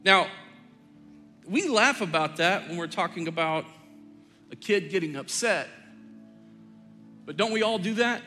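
A middle-aged man preaching a sermon as pastor, telling family stories in a relaxed, joking, conversational way. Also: high voice, unhurried, long pauses, soft background music. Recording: long hall reverb.

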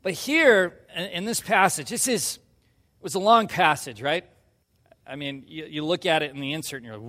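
A man preaching a sermon, telling a personal story and acting out quoted lines in a hushed voice before pushing to loud emphasis. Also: a little high, normal speed, big-room sound. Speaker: pastor.

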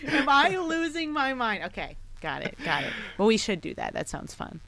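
A woman co-hosting a casual podcast, playful and teasing, quick to laugh. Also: on the high side, big pitch swings, vocal fry, bright, forceful tone. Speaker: podcast co-host.

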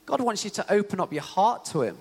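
Young guy giving a chatty sermon, high voice, big church hall echo. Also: fairly quick, creaky, husky. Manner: conversational, animated storytelling with many fillers. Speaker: preacher. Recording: long church hall reverb.

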